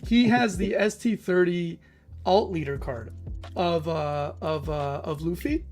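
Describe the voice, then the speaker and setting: A man's voice: sits high, unhurried, faint music behind. A man hosting a casual livestream chat, telling stories with acted-out quotes of other people. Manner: animated storyteller who acts out other people. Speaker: stream host.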